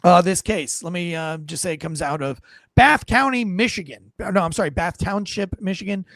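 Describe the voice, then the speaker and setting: A man hosting a podcast in casual chat, rambling and animated, often poking fun at himself, on a close studio mic. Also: high voice, normal speed, dry recording. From North Carolina. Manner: rambling, animated, self-deprecating. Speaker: podcast host.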